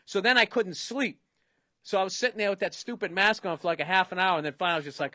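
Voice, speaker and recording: A middle-aged man spins a comic story in loose, lively podcast talk, slipping into other people's voices as he goes. His voice sits a little higher than most men's. The sound is dry and close, with no room around it. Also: fast talker, no room sound. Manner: animated, acts out other people's lines, laughs at his own story. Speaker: comedian telling a story.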